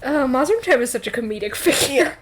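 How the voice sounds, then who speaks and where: A woman co-hosting a casual podcast, recapping a book chapter with quick quoted voices, frequent laughter and swearing. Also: high-pitched, animated, husky. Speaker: podcast co-host.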